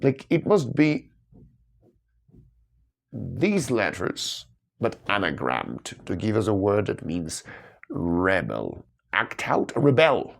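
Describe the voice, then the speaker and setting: A man puzzling over cryptic crosswords thinks aloud slowly, with long pauses, in a fairly low, creaky voice that swings hugely in pitch. He ponders, doubts himself, and suddenly bursts into delight.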